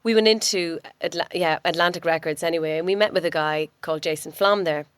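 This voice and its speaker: Irish woman guest, low-pitched, dry close mic, easy rambling anecdotes. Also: fast talker, clean tone, no room sound. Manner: chatty, relaxed storytelling with restarts. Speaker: musician guest. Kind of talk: casual interview chat.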